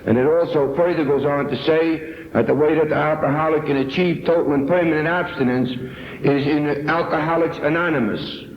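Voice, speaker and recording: A man's voice: on the high side, steady tone, slight background noise. Earnest man on an echoey old tape. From New York. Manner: earnest, emphatic, deliberate. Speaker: recovery meeting speaker. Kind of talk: personal testimony talk. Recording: echoey, dull 1970s tape recording.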